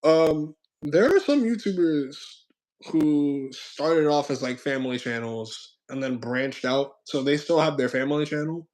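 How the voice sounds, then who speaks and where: A young man hosting his own stream, chatting casually with a friend in a rambling, reflective way that often trails off into quieter asides. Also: on the high side, measured pace. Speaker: channel host.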